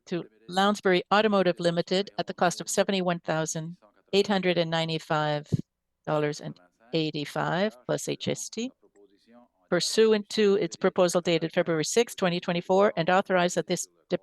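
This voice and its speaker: A city councillor reading a formal resolution aloud, steady through long figures and account numbers. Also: medium pitch, normal speed, vocal fry, no echo, rough recording.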